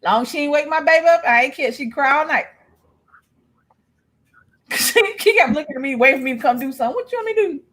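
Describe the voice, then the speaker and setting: Woman cohost, high voice, blunt and cussing, just chatting loose. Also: lively intonation, brisk, pauses often, a bit bright. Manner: blunt, profane storytelling with laughs. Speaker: co-host. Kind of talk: casual chat.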